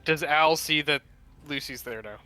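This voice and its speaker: Man, very bright tone, hesitant, laughs while talking, faint music behind. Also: on the high side, moderate pace, clear, resonant tone, no echo. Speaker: player. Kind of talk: tabletop role-play chat.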